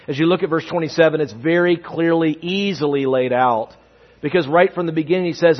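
A man preaching a sermon, telling a story with lively acted-out quotes before turning to prayer. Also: on the high side, a little fast. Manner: animated storyteller acting out quotes. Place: church sanctuary. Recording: muffled sound in a reverberant church.

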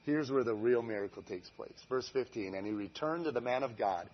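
A man preaching a sermon, telling the story with animated swings from hushed to loud. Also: fairly low pitch, normal speed, slightly rough, lo-fi sound. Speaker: guest preacher.

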